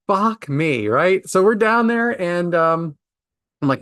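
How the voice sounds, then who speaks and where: A very animated podcast host in his forties tells a casual story at a measured pace, ranting in exasperation. His slightly bright voice shifts from low mutters to high outbursts, on a dry, clean studio recording.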